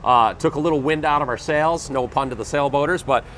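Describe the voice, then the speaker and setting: A man's voice: fairly high pitch, fairly quick, a bit bright, a little hiss or hum, low-quality recording. A man hosting a charity event livestream, talking in a folksy, upbeat, joking way. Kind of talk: casual livestream announcement.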